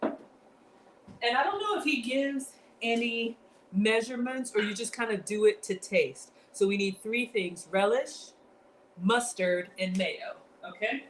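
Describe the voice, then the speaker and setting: A woman's voice: fairly high pitch, a little slow, a little hiss or hum. Chatty woman with a slight Southern drawl. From African born, grew up in the US South. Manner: chatty, talks to chat viewers, laughs often. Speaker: live-stream cooking host. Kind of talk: casual live-stream cooking chat. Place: home kitchen.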